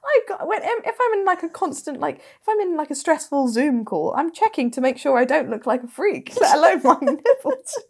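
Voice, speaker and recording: A young woman with a fairly high voice co-hosts a podcast in a loose, giggly chat. She reads listener messages aloud and reacts with animated disbelief and frequent laughter. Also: moderate pace, hardly any pauses. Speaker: podcast co-host. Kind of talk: casual chat.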